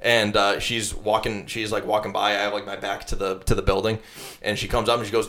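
Young male podcast host, quick, loose, rambling storyteller who swears a lot and laughs often. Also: fairly low pitch, level tone, fairly bright tone. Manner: rambling anecdote with frequent likes and profanity. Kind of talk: casual storytelling chat.

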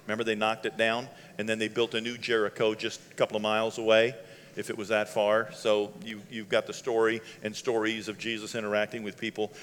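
A pastor preaching a holiday sermon. He talks in a conversational way, laughs between lines and sometimes builds to loud shouting. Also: lowish voice, completely flat delivery, a little fast, a little hiss or hum. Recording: long hall reverb.

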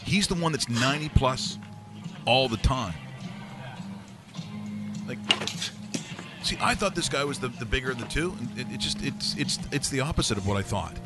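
A man's voice: mid-range voice, expressive, normal speed, long pauses, loud music behind the voice. A man hosting a live sports talk show, chatting casually and telling rambling stories with many restarts.

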